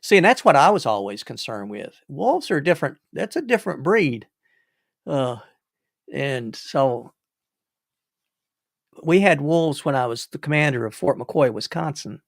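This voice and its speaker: Gravelly older man telling stories. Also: on the high side, sing-song, unhurried, pauses often, dry recording, studio quality. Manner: rambling, repeats words, chuckles. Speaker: livestream host. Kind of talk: casual storytelling.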